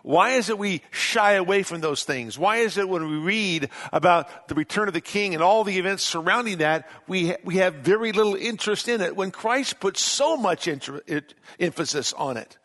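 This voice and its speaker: A man preaching a sermon as pastor, reading scripture aloud and stressing key words slowly. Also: high-pitched, expressive, fairly bright tone.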